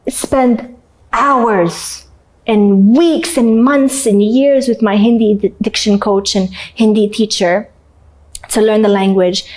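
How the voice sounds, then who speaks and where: A young woman from Canada, an interview guest, telling an emotional story with animated acted-out voices and laughter. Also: mid-range voice.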